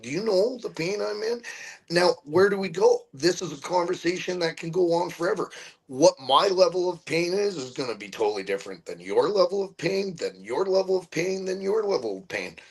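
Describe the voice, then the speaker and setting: Earnest, halting middle-aged man. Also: medium pitch, fairly bright tone, rough recording. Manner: halting, repeats words while searching for them; earnest and heartfelt. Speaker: interview guest. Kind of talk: candid conversational interview.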